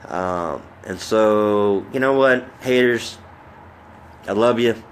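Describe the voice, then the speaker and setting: Man, low-ish voice, earnest home-vlog talker with a preachy, rambling streak; faint background hiss. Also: slow pace. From Oklahoma, United States. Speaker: vlogger. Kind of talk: personal video update.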